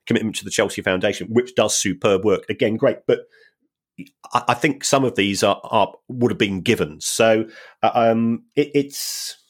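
A man's voice: on the low side, moderate pace. A man co-hosting a football finance podcast, talking casually and drily with frequent hesitations and repeated words. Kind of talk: casual chat.

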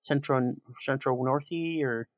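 A Canadian man, a podcast guest, chatting casually in an animated, sarcastic joking way. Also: mid-range voice, unhurried, no room sound. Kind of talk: casual chat.

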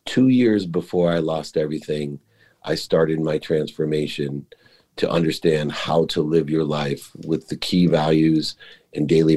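A man's voice: extremely low pitch, warm tone, breathy edge. A middle-aged man, a guest in an interview, telling an emotional, confessional story about his life.

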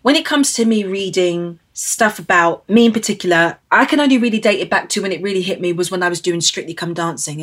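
A woman's voice: fairly low pitch, a bit bright. A woman in her thirties from Britain, speaking as an interview guest, earnest and emotional, repeating phrases for emphasis. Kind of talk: candid interview.

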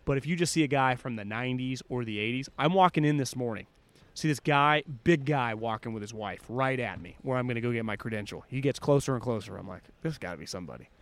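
A man with a medium-pitched voice talks fast as co-host of a sports podcast. He's an animated storyteller, sharing anecdotes in casual chat and acting out what people said.

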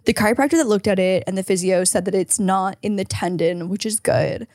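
A woman's voice: mid-range voice, fairly quick, darkish tone, no room sound, studio quality. A woman co-hosting a podcast, chatting casually with lots of "like" and free swearing. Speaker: podcast co-host.

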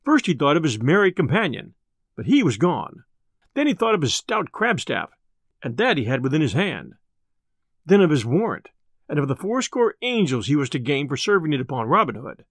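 A male storyteller with a fairly high voice that rises and falls with great liveliness. His reading is expressive and theatrical, recorded close and bone dry. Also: moderate pace, no room sound. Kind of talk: scripted narration of a classic tale.

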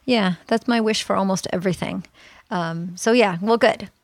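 A woman's voice: mid-range voice, normal speed, no echo. A woman hosting a legal podcast, upbeat and chatty, laughing easily with her guest. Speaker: podcast host.

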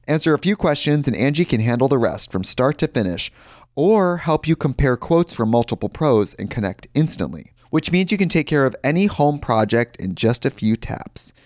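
A man with a middle-pitched voice reads a sponsor spot in a relaxed, chatty way, adding personal stories. The recording is dry and close. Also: moderate pace, no echo. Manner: chatty, anecdotal. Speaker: ad reader. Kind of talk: casual ad read.

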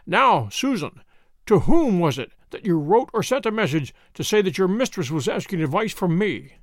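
A sharp, dry-witted detective who questions people crisply and teasingly, as a man voices him. His voice runs high and lively. The sound is dry and close. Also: normal speed, no echo.

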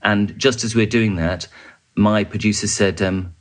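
A journalist recounting a war experience in an interview, vivid and halting, with fillers and restarts. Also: male voice, lowish voice, fairly even intonation. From United Kingdom. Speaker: journalist guest.

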